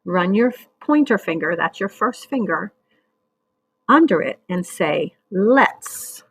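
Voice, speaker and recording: A woman teacher leading a recorded reading lesson for young children, speaking slowly and patiently and sounding out words. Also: on the low side, very animated, gravelly, a bit bright, slightly rough, no echo, poor audio.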